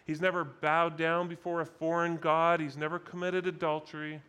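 A man preaching a sermon at a conference, deliberate and emphatic, repeating key phrases for weight. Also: a little high, level tone, pushed and bright, clear, resonant tone. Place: conference session.

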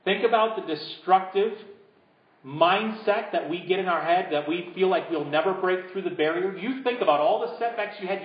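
A man preaching a sermon as pastor, building to emphatic peaks and dropping to hushed prompts for the congregation. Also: fairly high pitch. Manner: drops to a hushed voice leading a congregation. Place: church sanctuary. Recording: roomy, dull church recording.

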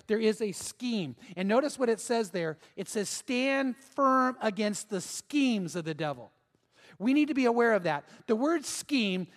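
A man delivers an earnest, emphatic sermon, pressing his points home by repeating them. His voice sits high for a man, and it rings out with the long reverb of a church hall. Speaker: pastor.

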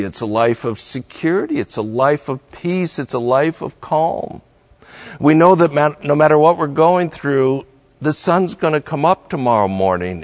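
A man preaching a sermon, slow and measured, building his points through repeated phrases. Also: medium pitch. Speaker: pastor.

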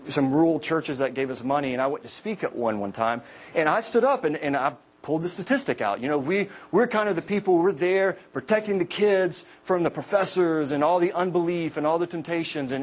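A man in his thirties, a campus minister, preaching to college students with humorous personal stories and lively quoted voices. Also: on the high side, a little fast. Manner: joking storyteller, animated quoted voices.

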